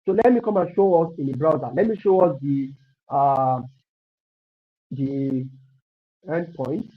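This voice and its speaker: In a slightly high voice and a little slowly, a man runs a live online class on web coding. The lo-fi stream audio is dull, and he goes over things repeatedly, encourages his students and talks through his thinking while typing.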